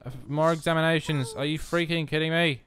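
A man's voice: a little high, steady tone, brisk, a bit bright, a little hiss or hum. A young man giving casual, self-mocking let's-play commentary, chatting to the game as he plays. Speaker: gaming video host.

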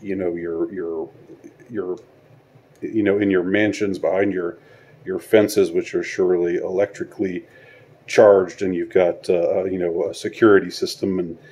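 A man delivering a spoken video monologue, halting and searching for words, with sarcastic rhetorical questions. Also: sits low, flat delivery, mellow, breathy edge. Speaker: online commentator.

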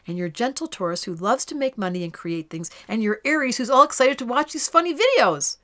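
A woman astrologer giving a casual horoscope talk to camera in a playful way, drawing out her soft words. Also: a little high, expressive, brisk, hardly any pauses.

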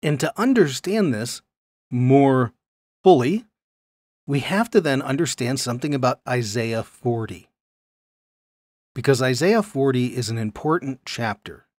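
Animated male Bible teacher, dry sound. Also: medium pitch, measured pace, pauses often, no room sound. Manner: animated teaching, often checking in with "okay?". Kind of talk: video Bible lesson.

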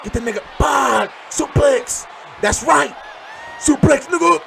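Loud, profane man yelling over gameplay. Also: very high-pitched, lively intonation, measured pace, gravelly. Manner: loud, profane, trash-talking, frequent shouts. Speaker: gaming channel host. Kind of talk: live reactive gameplay commentary. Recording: crowd and game noise behind.

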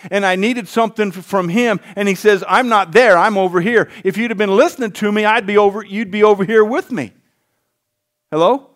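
Male pastor, higher-pitched voice, folksy sermon delivery with call-outs to the congregation. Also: fairly bright tone. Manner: folksy, asks the congregation for responses.

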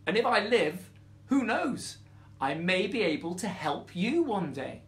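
A man voicing a tiny, terrified male mouse in a bedtime story, squeaky, tearful and stammering. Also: sing-song, measured pace, fairly bright tone, exaggerated voice. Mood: desperate. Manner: stammering, begging.

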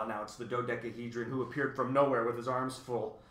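A man's voice: mid-range voice, little pitch movement, fairly quick, few pauses, a bit bright. A man reading a children's novel aloud, with casual asides to viewers, recorded in an echoey room. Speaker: reader.

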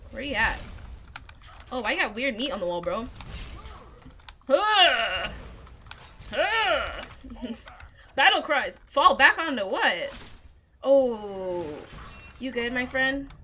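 A woman narrates her gaming session in a casual, excitable let's-play style and chats with the characters on screen. Her voice sits high and sounds bright and sharp. Her pitch leaps around animatedly. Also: slow pace, long pauses, a little hiss or hum. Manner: chatty and excitable, talks to game characters. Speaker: gamer playing a role-playing game.

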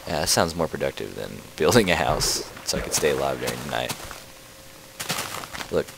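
Gravelly low-voiced man with lively swings. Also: moderate pace, background noise. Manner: playful, jokey trash talk at game animals; rambling, easily distracted chatter. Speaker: let's play host. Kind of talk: casual gaming commentary.

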